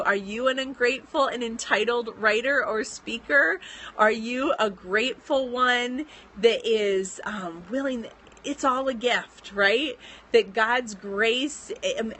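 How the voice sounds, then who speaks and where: A woman's voice: on the high side, bright, forceful tone. A woman in her thirties hosting a casual devotional live stream for writers, speaking in an earnest, encouraging and chatty way. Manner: earnest and encouraging, chatty with fillers, gets teary. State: pregnant.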